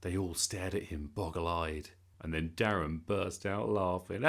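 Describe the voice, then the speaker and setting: Man reading a kids' story, low and gravelly, very animated. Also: measured pace, hardly any pauses. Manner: lively, expressive. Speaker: narrator.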